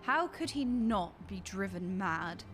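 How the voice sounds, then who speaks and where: A woman's voice: mid-range voice, animated, slow, fairly bright tone, faint music behind, voice pushed down. A woman reading aloud as an ancient, bitter male dragon, solemn and archaic while playing a game. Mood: grave.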